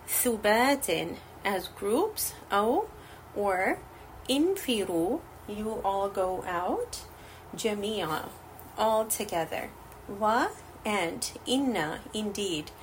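A woman's voice: mid-range voice, slight background noise, rough recording. A woman teaching a Quranic Arabic lesson, patiently glossing each word one at a time.

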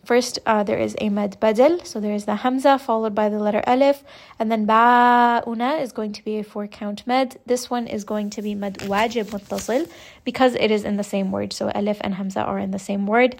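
A young woman teaching Quran recitation rules, explaining each point slowly and patiently. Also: mid-range voice, steady tone, creaky. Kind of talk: step-by-step tajweed lesson.

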